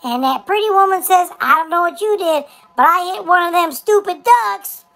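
A man's voice: very high voice, normal speed, gravelly, sharp tone, full character voice, poor audio. A man voicing Dexter, a chatty boy character who tells a long folksy joke with stumbles and restarts. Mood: joke-telling. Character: chatty high-voiced boy named Dexter telling jokes. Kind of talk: comic storytelling to camera.

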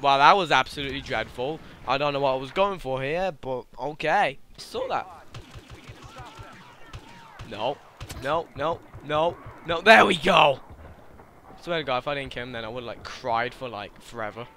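A young man doing excitable gameplay commentary, laughing often and shouting at the game. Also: mid-range voice, normal speed, slight background noise. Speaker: gaming YouTuber.

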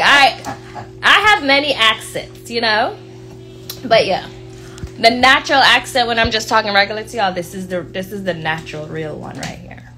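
A woman's voice: mid-range voice, bright, forceful tone. A woman with a Jamaican accent chatting casually to viewers, blunt, outspoken and playful. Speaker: vlogger talking to viewers. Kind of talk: casual chat.

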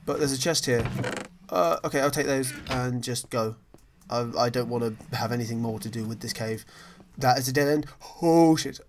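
A man's voice: mid-range voice, moderate pace, slight background noise. A man giving casual, rambling commentary over his own gameplay, chatty, apologetic and self-deprecating. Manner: frequently apologetic. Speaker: gaming channel host.

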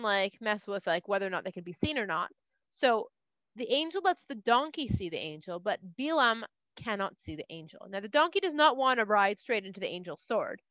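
A woman's voice: fairly high pitch, fairly bright tone, no echo. A woman casually retelling a scripture story for kids, chatty and full of "like", in a dull, dry recording. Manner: chatty, uses "like" a lot.

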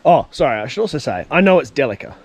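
A man's voice: a little high, very animated, quick pace. A man with an Australian accent chatting casually in a vlog out on a four-wheel-drive track, laughing often and poking fun at himself. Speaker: vlogger. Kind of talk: casual outdoor vlog chat. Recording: outdoor recording with clear background noise.

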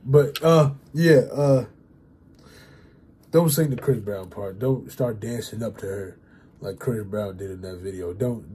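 A young man talks straight to his audience in an easygoing, meandering way. His voice is dark and mellow with a husky edge, and he trails off into fillers and casual profanity as he goes. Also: medium pitch. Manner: loose and rambling, heavy fillers and swearing. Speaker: YouTuber giving dating advice. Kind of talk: casual rambling monologue.

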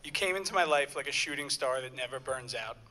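A man's voice: mid-range voice, brisk, pushed and bright. A young man, the groom, reading earnest wedding vows at his ceremony. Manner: earnest, a bit nervous, stumbles once.

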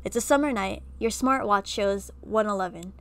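A woman reading an interactive horror story game aloud and breaking off for animated, chatty reactions. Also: medium pitch, moderate pace. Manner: animated, chatty asides between narration. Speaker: gaming video creator.

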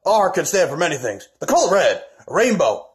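A man's voice: fairly high pitch, very animated, normal speed. A man voicing a cocky male radio show host who plugs his own show in a laid-back, self-promoting way. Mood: smug.

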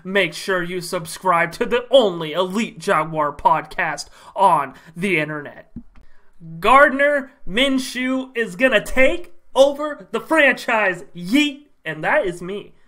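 A man playing a self-proclaimed male expert fan plugging his tiny podcast in a boastful sales pitch. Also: animated, slow, bright, forceful tone, full character voice.

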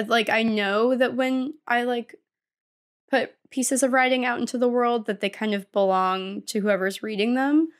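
Rambling woman podcast writer. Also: mid-range voice. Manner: rambling, many fillers and restarts. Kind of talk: casual chat.

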